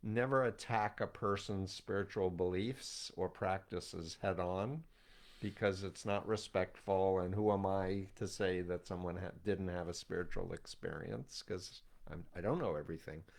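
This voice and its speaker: Low-voiced older man telling a story. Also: normal speed, vocal fry. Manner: animated storytelling, acts out quoted voices. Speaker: host, cult expert. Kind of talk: conversational interview.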